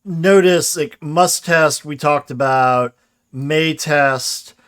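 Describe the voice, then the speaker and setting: Man, grammar lecturer, casual livestream, fairly high voice, chatty, checks in often. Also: slow, fairly bright tone, smooth. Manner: casual explanatory, reads chat questions aloud, frequent "right?". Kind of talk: livestreamed lecture with chat replies.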